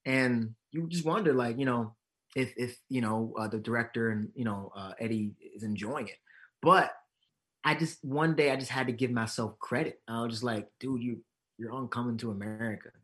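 A man's voice: medium pitch, moderate pace. A man being interviewed as an actor and comedian, telling stories with acted-out quotes and frequent laughs. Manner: animated, acts out quotes, laughs often. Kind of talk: casual interview storytelling.

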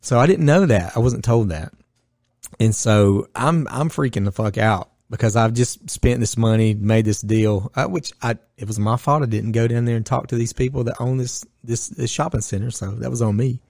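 A man's voice: mid-range voice, normal speed, creaky, no room sound, studio quality. Blunt, profane man telling a story. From Northwest Georgia, US. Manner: blunt and profane, with lively acted-out quotes. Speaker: podcast guest, gym owner. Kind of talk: casual storytelling chat.

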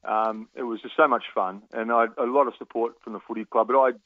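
A middle-aged Australian man, a former footballer, telling lively stories with laughs and restarts in a phone interview. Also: medium pitch, dry recording. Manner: lively anecdotal, laughs often, halting restarts. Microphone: phone line. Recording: tinny phone line.

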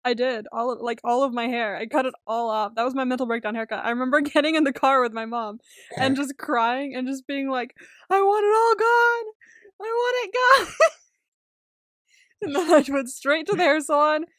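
High-voiced chatty woman, dry close mic. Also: steady tone, fairly quick, no room sound. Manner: chatty, laughs often, acts out quotes. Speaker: podcast co-host. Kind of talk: casual chat.

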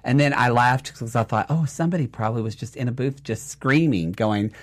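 Podcast co-host, mid-pitched voice, loose rambling chat. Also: fairly quick, heavy background noise. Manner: rambling, casual, restarts thoughts. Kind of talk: casual chat recapping a show.

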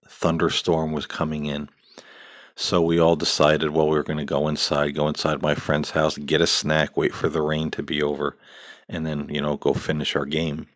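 A man's voice: rumbling low, dry recording. A middle-aged man hosting a podcast, telling a personal ghost story in a rambling way with many fillers and restarts. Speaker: podcast host.

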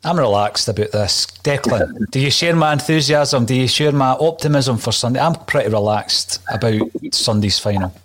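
A man hosts a relaxed football podcast. His voice sits at an everyday middle pitch. He is chatty and often stops to rephrase himself mid-sentence. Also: slight background noise. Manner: chatty, quick self-corrections. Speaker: podcast host. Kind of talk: casual football chat.

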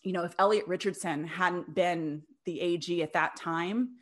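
A woman's voice: on the low side, moderate pace. A young adult woman casually telling a history story to a co-host, chatty, often laughing, with many fillers and restarts.

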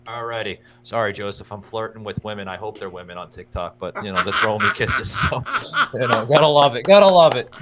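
A man's voice: fairly low pitch, fairly even intonation, fairly quick, a crowd in the background. A young man hosting a casual livestream show, rambling and thanking viewers by name between many fillers. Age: young adult. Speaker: podcast host.

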